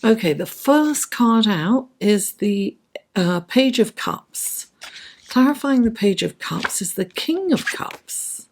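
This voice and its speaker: A woman with a raspy, gravelly voice takes her time through a weekly horoscope and tarot reading. She is a little under the weather. Her delivery is unhurried and thoughtful, full of fillers and restarts. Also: a little high, very animated. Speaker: astrologer and tarot reader.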